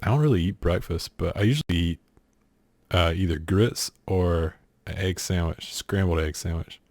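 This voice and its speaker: A man's voice: sits low, normal speed, darkish tone, no room sound. A man with a South Carolina accent reads quiz questions aloud and answers them in a dry, sarcastic, exasperated way. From southern United States. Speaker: streamer. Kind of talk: casual accent-tag challenge, reading questions aloud.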